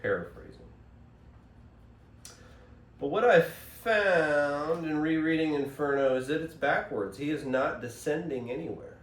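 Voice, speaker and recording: A man hosting a casual spiritual monologue, rambling and digressive, recorded on a phone. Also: mid-range voice. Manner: rambling, digressive, self-interrupting. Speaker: host. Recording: echoey room, voice from far off, faint hiss.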